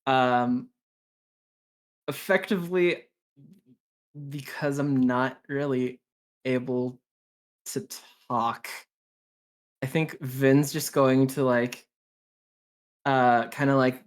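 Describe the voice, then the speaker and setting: A woman with a very low voice plays a tabletop game. She speaks slowly and haltingly, filling her sentences with likes and uhs. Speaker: player. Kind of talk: casual tabletop play.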